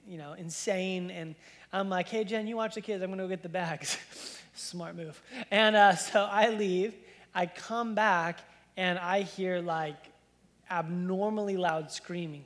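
Male pastor, thirties, casual sermon storyteller, lots of "like"s, echoey church room. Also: high-pitched. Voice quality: casual, filler-heavy storytelling with many "like"s. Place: church sanctuary.

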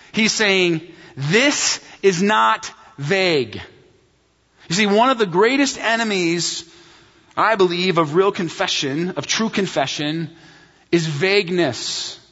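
A male pastor delivers a sermon in a high, lively voice, pressing his point with rhetorical questions. His tone is bright and a little husky, carried on a dull recording with a long hall reverb.

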